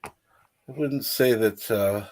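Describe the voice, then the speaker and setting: Male livestream host at home, unhurried and low-pitched, casual and a bit profane while reading chat. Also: darkish tone. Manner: reads viewer comments aloud and swears casually. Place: room at home.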